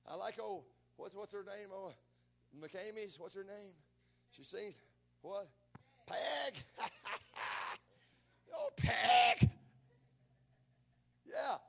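A man with a rural Southern American accent preaching a sermon as pastor, folksy and emphatic, rising to shouted peaks. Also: high-pitched, expressive, slow pace, vocal fry.

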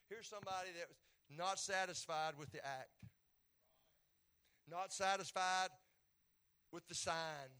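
A middle-aged man, preaching a folksy, joking sermon in a church and swinging from loud to soft. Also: high voice, measured pace, pauses often, clean tone.

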